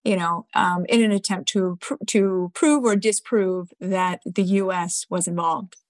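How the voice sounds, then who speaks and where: A woman interviewer asking measured, thoughtful questions in a conversational way. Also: fairly low pitch, no echo. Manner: measured, thoughtful, fills pauses with "you know".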